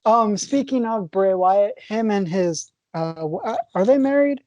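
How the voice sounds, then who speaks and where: A woman co-hosting a casual wrestling podcast, chatty and quick to laugh. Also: mid-range voice, dark tone, no echo, muffled recording. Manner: chatty, laughs often between remarks. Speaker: podcast co-host.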